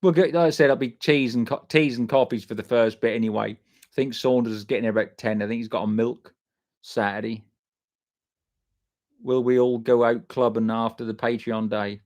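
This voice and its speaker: A man's voice: medium pitch, steady tone, normal speed, darkish tone. A man hosting a live stream, chatting casually and swearing freely as he reads out and answers viewer comments by name. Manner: loose, sweary and matey, answering chat by name.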